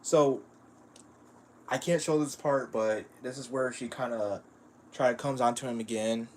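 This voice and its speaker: A man's voice: mid-range voice, fairly even intonation, measured pace, slight background noise. A man streaming casual commentary on a manga, rambling with lots of fillers and frequent chuckles.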